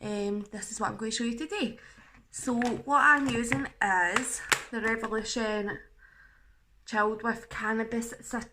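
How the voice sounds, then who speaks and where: A woman's voice: a little high, steady tone, measured pace, background noise. A young woman chatting casually through a makeup tutorial, self-mocking and chatty, with the odd swear. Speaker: makeup vlogger.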